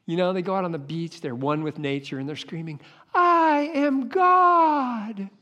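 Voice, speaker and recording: A man's voice: a little high, quick pace, lo-fi sound. A man preaching a sermon with passion, acting out voices as he goes. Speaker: pastor. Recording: long hall reverb.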